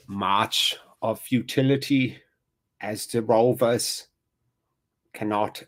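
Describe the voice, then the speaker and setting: A solemn documentary narrator with a heavy German accent , as a man puts him on, intones a mock-tragic account. The voice is low and drawn out, with long, weighty pauses. It speaks with deadpan gravity.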